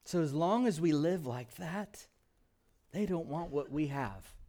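High-voiced man preaching a sermon. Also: expressive, measured pace. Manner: preaching with rhetorical questions, swinging from emphatic to hushed. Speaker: pastor.

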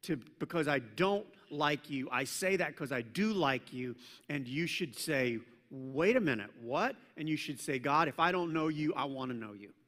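A middle-aged male pastor delivering a sermon with a lively, swinging delivery, his fairly high, bright voice ringing out. Playful storytelling alternates with loud, commanding bursts. The sound carries the long reverb of a large church hall. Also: moderate pace. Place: church sanctuary.

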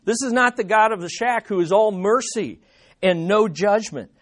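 A man preaching a sermon as pastor, emphatic, repeating key phrases and slowing down on the main points. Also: sits high, fairly bright tone. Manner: slows down on key statements.

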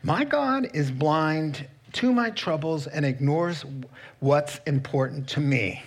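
A man's voice: a little high, animated, slow. A man preaching a sermon in a conversational way, teasing the congregation directly.

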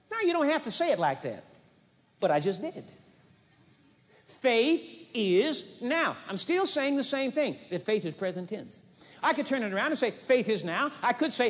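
High-voiced emphatic man preaching. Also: fairly bright tone. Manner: emphatic, repeats phrases for stress. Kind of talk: sermon. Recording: long hall reverb, 1980s audio tape.

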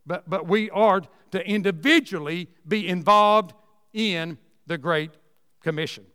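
A high-pitched man preaches to his congregation with folksy, emphatic conviction, driving his points home by repeating them. His voice rings out with a long reverb, as if filling a large church sanctuary. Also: measured pace, sharp tone, smooth. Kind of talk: sermon.

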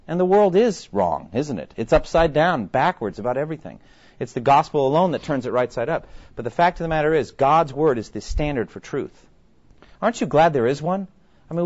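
A man's voice: a little high, dull audio. A man preaching a sermon in a conversational way, often putting questions to his listeners.

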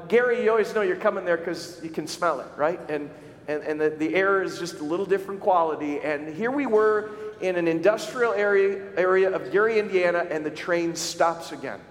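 A male pastor preaching a sermon, telling stories with animated shouts for emphasis. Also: high voice, brisk. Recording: echoey hall recording.

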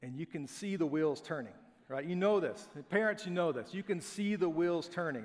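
A middle-aged man preaching a sermon as a pastor, telling family stories in a conversational, self-deprecating way. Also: on the high side. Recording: long hall reverb.

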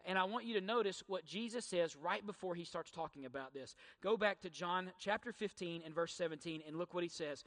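A man's voice: high voice, brisk, few pauses, a bit bright. A middle-aged man preaching a sermon, using emphatic rhetorical questions and repetition. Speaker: pastor. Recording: church hall reverb.

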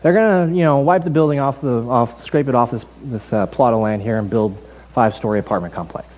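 A man preaching a sermon as pastor in a relaxed, conversational way, telling the story with lively asides. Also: medium pitch, brisk, lo-fi sound. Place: church building.

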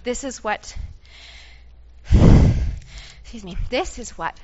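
A woman leading a playful, animated sermon, directing her audience through a Bible story and doing sound effects. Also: fairly high pitch, extremely slow, dull audio. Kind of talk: lively sermon with audience participation.

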